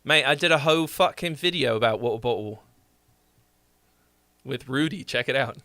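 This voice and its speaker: Male streamer host, casual and jokey with frequent swearing; bright, animated voice, dry close sound. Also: mid-range voice, moderate pace, no room sound. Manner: swears freely, rambling and jokey. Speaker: streamer and song critic. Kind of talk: casual live-stream chat.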